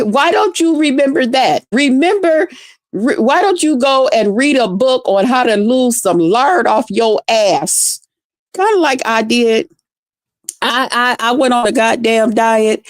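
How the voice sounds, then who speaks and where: A woman's voice: fairly high pitch, no room sound, studio quality. Profane, ranting woman vlogger. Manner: profane, animated, laughing, talks straight to viewers. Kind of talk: casual ranting monologue to viewers.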